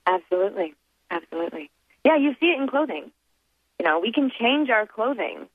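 With a fairly high, husky voice, big pitch swings, and a brisk pace, a female accent performer speaks as a guest on a casual interview over a tinny, dry phone line with no room sound. She's chatty and reflective, thinking aloud with many fillers and restarts and frequent laughter.

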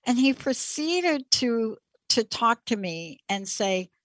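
A woman's voice: on the high side, big pitch swings, slow pace, no echo. A middle-aged woman hosting a show, telling a personal story in a reflective, emphatic way and repeating key words for weight. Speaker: show host.

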